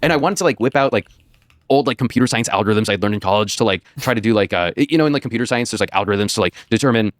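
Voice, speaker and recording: A man's voice: fairly low pitch, lively intonation, racing, dry recording, studio quality. An American man, a podcast guest, telling a rambling anecdote with laughter and swearing. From United States. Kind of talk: casual storytelling on a podcast.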